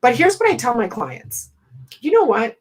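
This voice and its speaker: A woman's voice: on the high side, very animated, moderate pace, husky, poor audio. A woman business coach talking bluntly and with lots of energy in a podcast conversation, laughing often. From West Indian family.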